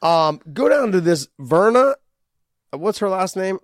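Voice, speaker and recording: A man's voice: high voice, sing-song, a little slow, no echo, studio quality. A man hosting a podcast in casual chat, easygoing and rambling, swearing freely. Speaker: podcast host.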